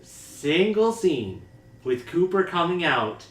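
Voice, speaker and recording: A man co-hosting a casual podcast, griping with dramatic flair and theatrical asides. His pitch swings widely as he talks. A roomy echo hangs on his voice. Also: takes it slowly, distant mic. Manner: animated, dramatic complaining with exaggerated asides. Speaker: podcast co-host.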